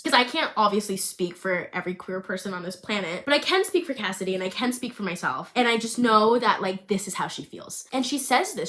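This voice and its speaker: A young woman chatting casually about the story she is writing and reading from it with strong feeling. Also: mid-range voice. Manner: emotional, expressive, swings between hushed reading and excited chatter. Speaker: creator reading her screenplay draft. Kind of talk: casual chat and dramatic reading.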